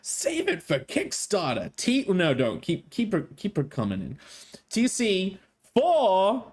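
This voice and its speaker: A man's voice: sits high, wildly swooping pitch, slow pace, slightly rough. A male streamer with a strained throat, chatting in a playful, jokey way and swearing freely. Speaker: streamer, host. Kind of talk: casual live-stream chat.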